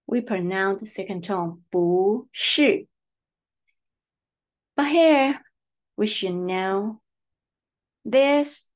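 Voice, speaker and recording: A woman with a Taiwanese accent, whose first language is Mandarin, teaching Mandarin tones in English and drilling words slowly and deliberately. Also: mid-range voice, lively intonation, darkish tone. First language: Mandarin Chinese. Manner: slow and deliberate, repeating words for practice. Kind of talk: slow tone-drill lesson.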